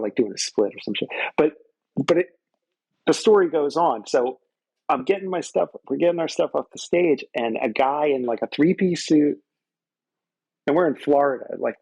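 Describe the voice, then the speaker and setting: A man's voice: mid-range voice, moderate pace, vocal fry, a little mellow, husky, no room sound, low-quality recording. A man and guest musician telling loose, profane anecdotes in casual conversation on a close microphone. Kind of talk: casual storytelling.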